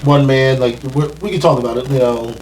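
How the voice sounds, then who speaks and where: A man who is a guest in a casual round-table chat, an excitable storyteller who acts out what people said. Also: mid-range voice, fairly quick. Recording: slightly distant mic with faint hum.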